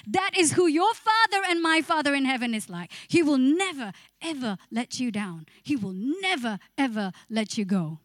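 A woman's voice: high voice, animated, normal speed, no echo, studio quality. A woman preacher giving a passionate church sermon, acting out inner voices and speaking to the congregation. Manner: passionate, acts out inner voices, sings briefly.

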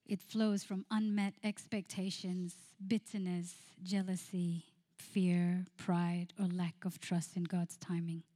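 With a fairly low, level voice and a slow delivery, a woman pastor preaches a sermon. After reading scripture, she recounts a counseling story, often laughing and softly hushing her voice when quoting herself.

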